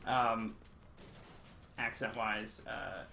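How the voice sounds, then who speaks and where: A man's voice: on the low side, steady tone, drawn-out words, gravelly, sharp tone, slight background noise. A young man chatting casually on a game stream, rambling with many ums and uhs. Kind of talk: casual chat while gaming, reading chat.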